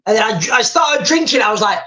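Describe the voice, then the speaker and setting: A man's voice: sits high, animated, fairly quick, bright, forceful tone, rough recording. Man, middle-aged, live stream host, chatty, rambling, lots of restarts. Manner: rambling storyteller, addresses viewers as guys, many restarts. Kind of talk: casual live stream chat.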